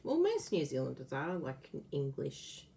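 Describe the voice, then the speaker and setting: Warm-hearted craft host: woman, lowish voice, bouncy delivery, laughs easily. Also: wildly swooping pitch, unhurried, gravelly, slight background noise. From Australia. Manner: chatty, laughs often, explains while working. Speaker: card-making host. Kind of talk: casual live craft demo.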